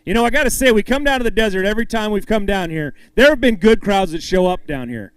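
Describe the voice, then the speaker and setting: A man's voice: sits high, lively intonation, fast, clear, resonant tone, dry recording. A man announcing a fishing tournament weigh-in, calling up anglers, reading weights and joking with them on stage. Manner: upbeat, hypes each angler and jokes with them. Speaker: tournament emcee.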